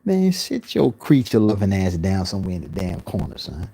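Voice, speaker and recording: A man's voice: low-pitched, fairly quick, mellow, slight background noise. A man vlogging a rambling, profane conspiracy rant full of street slang.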